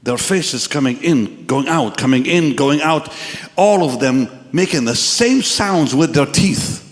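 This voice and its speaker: A man in his seventies preaching a dramatic sermon testimony to a large congregation. He swings from hushed tones to sudden shouts. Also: a little high, lively intonation, measured pace. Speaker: pastor. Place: large church or crusade hall with congregation. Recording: echoey hall sound.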